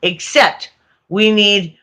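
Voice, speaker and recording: A woman hosting a casual livestream chat, talking warmly to her viewers and laughing often. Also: mid-range voice, steady tone, slow pace. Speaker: livestream host. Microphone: phone.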